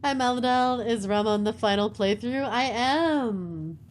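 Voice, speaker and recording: A woman's voice: a little high, a little slow. Young woman gaming on stream, joking around w chat, bit of background hiss.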